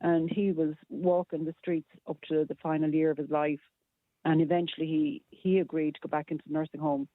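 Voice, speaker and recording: A man's voice: fairly high pitch, flat delivery, fairly quick, no room sound. An Irish man as a radio guest in casual chat, speaking earnestly with hesitant restarts. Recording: tinny phone line.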